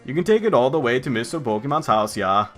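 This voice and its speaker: A fussy, bumbling Pokemon professor speaks in a clumsy fake Swedish accent, put on by a man. He tacks "yeah" onto his lines. The voice is bright and sharp, with faint music underneath. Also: mid-range voice, very animated. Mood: chatty. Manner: deliberately poor mock-Swedish accent, tags lines with "yeah". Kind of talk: let's play character voice.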